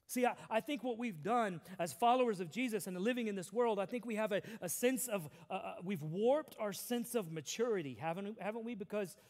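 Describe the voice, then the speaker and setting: A middle-aged man preaching a sermon as pastor, swinging between loud emphasis and hushed, quiet passages. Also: high-pitched. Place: large church hall. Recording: long hall reverb.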